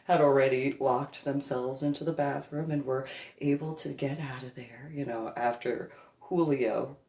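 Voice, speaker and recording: A woman's voice: rumbling low, steady tone, a little slow, warm tone, reverberant. Laughing woman telling a story. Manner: laughs through her telling. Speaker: comedic storyteller. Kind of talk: comedic personal anecdote.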